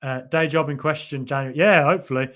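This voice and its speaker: A man hosting a football podcast live stream, reading out viewer comments and chatting back. His delivery is loose and rambling, full of fillers and false starts. His voice sits a little higher than most men's. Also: fast, a bit bright.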